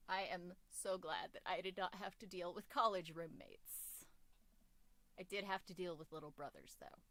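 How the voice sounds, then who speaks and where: A woman's voice: medium pitch, a bit bright, no echo. A woman streaming a game, reading its dialogue aloud and joking along with it in a playful manner. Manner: playful, reads characters' lines aloud with running jokes. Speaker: let's play streamer.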